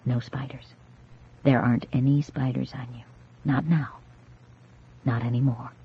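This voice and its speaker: Narrator doing a low, hushed, tender woman; storybook drama, dull lo-fi sound. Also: steady tone, quick pace, slightly rough, exaggerated voice. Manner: soft, hushed and soothing. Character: gentle woman comforting a terrified girl. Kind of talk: audiobook character voice.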